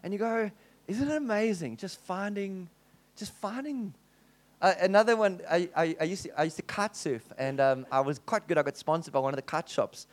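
High-voiced man preaching with animated stories. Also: fast talker, few pauses. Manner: animated, acts out the people in his stories. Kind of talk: storytelling sermon.

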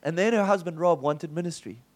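A male pastor telling a story in a sermon, animated and acting out the dialogue. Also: a little high, brisk.

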